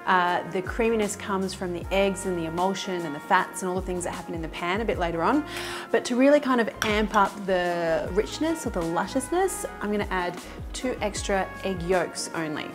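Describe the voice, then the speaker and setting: A woman demonstrates a recipe as a cooking show host, chatting warmly and eagerly to the viewers as she works. She laughs easily and keeps up a lively patter from her kitchen. Soft music plays quietly underneath. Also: medium pitch, normal speed. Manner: chatty and enthusiastic, talks straight to viewers.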